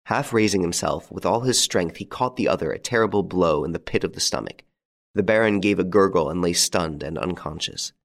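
A man narrating an audiobook in a measured, steady storytelling manner. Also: low-pitched. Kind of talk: scripted narration.

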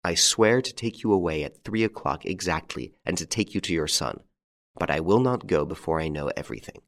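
A man playing a calm, masterful gentleman rescuer, courteous and commanding. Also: sits low, brisk, gravelly.

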